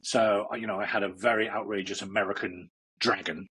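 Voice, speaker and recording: A man's voice: fairly low pitch, fairly even intonation, a little fast, fairly bright tone, slight background noise, poor audio. A man, a meditation teacher, chatting as a guest in a casual interview, rambling with fillers and often laughing. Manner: rambling, many fillers and restarts, laughs a lot.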